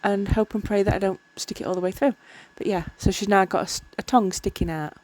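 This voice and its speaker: A woman's voice: medium pitch, fairly even intonation, fast, a little mellow, no room sound. A tired woman chatting casually while crafting, rambling and often tripping over her words. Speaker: miniature crafter. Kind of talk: casual crafting vlog narration.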